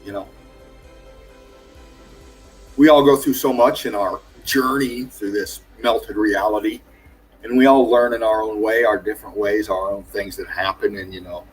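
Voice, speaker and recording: Effusive man giving shout-outs. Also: on the low side. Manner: effusive, calls viewers darling, laughs often. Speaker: livestream host. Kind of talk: casual livestream shout-outs. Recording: faint music behind.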